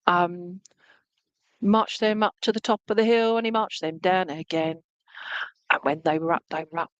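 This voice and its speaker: A woman's voice: fairly low pitch, moderate pace, dry recording, dull audio. Chatty woman, dry close sound. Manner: chatty, keeps checking in with "okay?" and "all right?"; relays a spirit's words in a lively, joking way. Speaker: spiritualist medium. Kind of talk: live clairvoyant reading for an online church service.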